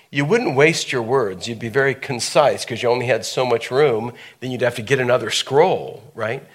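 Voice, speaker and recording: A man leads a Bible study, moving between reading scripture and talking it over in a loose, conversational way. He drops in asides and filler words and speaks at a middle pitch, like a teacher chatting with a familiar group. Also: fairly bright tone.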